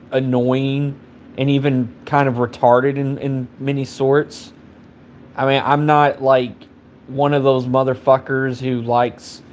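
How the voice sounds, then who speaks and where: A young man rants on a live stream in a loose, profane ramble full of fillers. His voice sits at an ordinary middle pitch. A faint background noise hums under it. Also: darkish tone. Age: 20s. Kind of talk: casual rant.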